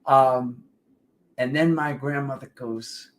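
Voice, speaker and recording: A man hosting a spiritual livestream, telling a personal story in a rambling, animated way and acting out the voices of the people in it. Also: medium pitch, takes it slowly, a little hiss or hum. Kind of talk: casual storytelling monologue. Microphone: livestream setup.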